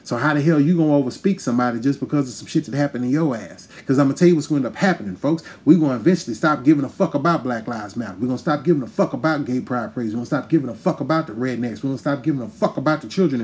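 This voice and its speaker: A man's voice: mid-range voice, rapid-fire, hardly any pauses, a little mellow. A man hosting a podcast, delivering a heated, profane, emphatic rant straight to his listeners. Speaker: podcast host. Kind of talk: ranting monologue.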